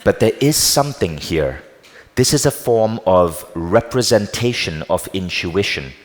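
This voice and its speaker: Guy giving a stage talk about meditation, lowish voice, lots of hall reverb, acts out little conversations. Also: a little slow. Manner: animated, acts out quoted dialogue. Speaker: speaker teaching meditation. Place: large hall with live audience.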